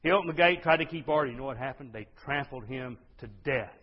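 A male pastor preaching a sermon with exuberant energy, swinging from loud bursts to hushed lines. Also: mid-range voice, quick pace. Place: church sanctuary. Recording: dull lo-fi sound.

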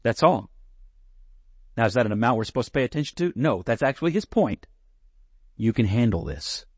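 A man preaching a sermon, earnest and close to tears, slowing down to stress his points. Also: medium pitch, sing-song, darkish tone, slightly rough, no room sound. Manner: earnest, emotional, slows down for emphasis. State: near tears. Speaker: pastor.

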